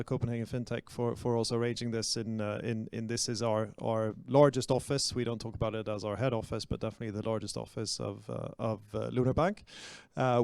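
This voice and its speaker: A man's voice: mid-range voice, darkish tone, clear, resonant tone, no echo. Bank exec guy on stage panel, upbeat sales vibe, clean dry voice. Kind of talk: panel self-introduction. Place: stage at a fintech demo day event.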